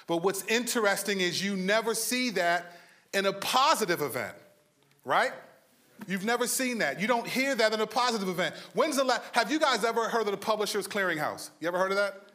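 A man preaching a sermon, moving between lively storytelling and hushed, slow emphasis. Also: sits high. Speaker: pastor.

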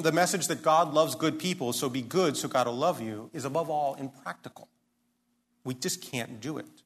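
A man's voice: fairly high pitch, moderate pace, a bit bright, slightly rough. A man preaching a sermon, earnest and emphatic, often posing questions and restarting his sentences. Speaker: pastor.

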